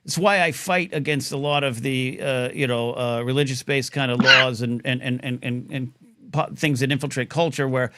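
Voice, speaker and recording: A man hosting a live call-in talk show, rambling and excitable with lots of restarts. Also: mid-range voice, moderate pace, very noisy. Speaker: host.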